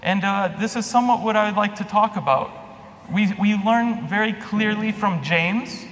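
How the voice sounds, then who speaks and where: In a church full of long reverb and a faint hum, a male priest preaches at normal speed in a high, slightly bright voice. He tells his story casually, restarting sentences and using filler words.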